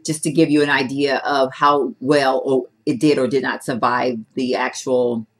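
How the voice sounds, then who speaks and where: A woman beauty vlogger talking casually and at length while testing makeup, chatty and rambling, and animated. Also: a bass voice, normal speed. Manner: chatty, rambling, animated, talks with her hands. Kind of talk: casual product-testing vlog.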